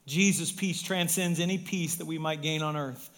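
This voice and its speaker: High-voiced man preaching a sermon. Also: steady tone, moderate pace, few pauses. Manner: emphatic, swinging from loud to hushed. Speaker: pastor.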